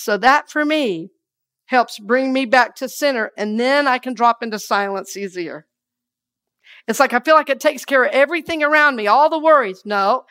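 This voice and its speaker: This sermon comes from a woman minister whose smooth voice sits high and moves at a moderate pace. She goes back and forth between softly read scripture and energetic call-and-response affirmations with her flock.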